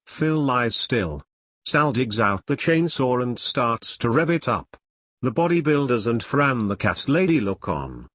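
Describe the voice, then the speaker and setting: A man narrating a crude comic story in a wry, deadpan way. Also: mid-range voice, no room sound.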